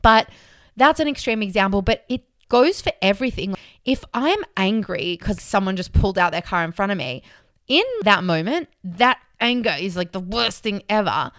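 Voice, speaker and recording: A woman's voice: medium pitch, moderate pace, a bit bright, no room sound, studio quality. A woman co-hosting a casual podcast chat, talking animatedly and acting out her own inner voice. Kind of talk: casual chat about mindfulness.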